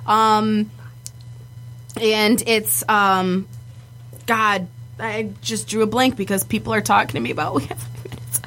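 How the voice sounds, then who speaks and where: High-voiced woman in casual podcast chat. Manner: animated, swears freely, laughs often. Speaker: podcast co-host.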